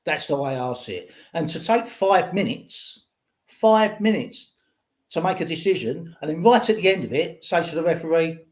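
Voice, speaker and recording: An older man holds forth in casual football chat. His voice sits a touch high, and he rambles and restarts as he argues his point. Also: lively intonation, moderate pace. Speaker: podcast host.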